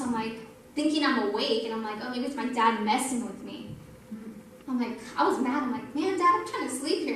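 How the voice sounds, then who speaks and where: Young woman preaching in an echoey hall. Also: fairly high pitch. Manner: earnest, storytelling, says "like" a lot. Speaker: youth speaker. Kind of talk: sermon testimony. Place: church hall. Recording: echoey church hall, mic from a distance, faint noise.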